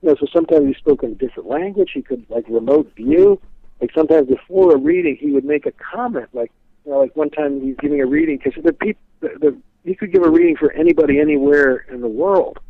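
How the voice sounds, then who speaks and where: A man's voice: on the high side, fast talker, vocal fry, no room sound. A man, a guest on an interview show, telling stories in a casual, rambling way, full of fillers. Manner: rambling, filler-heavy, animated retelling. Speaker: guest expert. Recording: tinny dry phone line.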